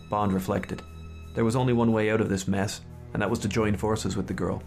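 A man hosting a podcast, chatting casually and reading a story aloud in a steady, measured way. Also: on the low side, faint music behind. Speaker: podcast host.

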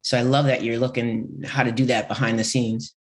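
Reflective male interviewer, mid-pitched voice. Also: flat delivery, a little fast. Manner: thoughtful, with many "you know" fillers. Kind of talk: casual reflective chat.

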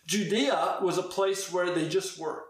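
A man's voice: high voice, fairly even intonation, unhurried. A man preaching a conversational sermon, acting out quoted exchanges as he goes. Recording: very roomy, echoey sound.

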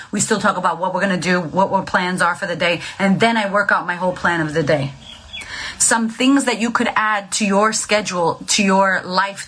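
A woman's voice: medium pitch, fairly bright tone, slightly rough. A woman, likely in her thirties, giving blunt, profane mental health advice in a casual, emphatic coaching monologue.

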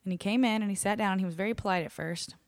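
Woman, young adult, frank and blunt, mid-pitched, dry close sound. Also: fast, dry recording. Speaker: bartender, podcast guest. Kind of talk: casual storytelling chat.

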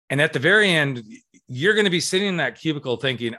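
A man's voice: on the high side, lively intonation, normal speed, bright, forceful tone. A man hosting a casual podcast chat, talking in a sassy, sarcastic, theatrical way. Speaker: public speaker.

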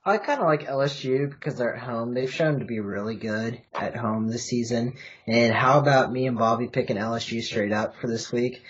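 A man's voice: mid-range voice, moderate pace, a little hiss or hum. A man co-hosting a podcast, arguing his college football picks in a hesitant, filler-heavy way. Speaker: podcast co-host. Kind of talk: casual sports-betting chat. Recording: dull, muffled podcast audio.

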